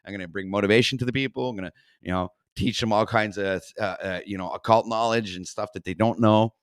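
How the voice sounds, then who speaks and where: A man's voice: lowish voice, steady tone, fast talker, smooth, dry recording, studio quality. A man hosting a talk stream, reacting to a video with rambling, profane commentary full of fillers and swearing. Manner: swears constantly, rants and trails off with fillers.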